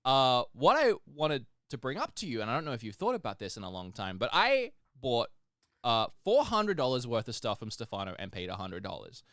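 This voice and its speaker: In a casual podcast chat, a man with a mid-range, somewhat bright voice speaks briskly in a sing-song way. He co-hosts, animatedly telling stories and laughing often, over clean studio sound without echo.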